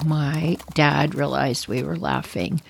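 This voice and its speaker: A woman's voice: low voice, fairly even intonation, takes it slowly, vocal fry, very noisy. A woman hosting a storytelling podcast, narrating animatedly and acting out the characters' voices. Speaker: storyteller and host. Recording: music playing underneath.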